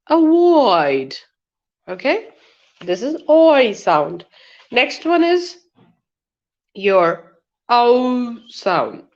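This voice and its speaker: A woman leads an online pronunciation lesson at a very slow, deliberate pace. She says each example word several times over. The webinar audio is dull and lo-fi. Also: a little high, darkish tone. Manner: slow, drawn-out word drills with repeated examples. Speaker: pronunciation teacher.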